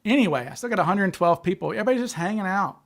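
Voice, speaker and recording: A man with a high, expressive voice hosts a casual livestream, talking rapid-fire in a loose, chatty way. He stutters often, repeating and restarting his words.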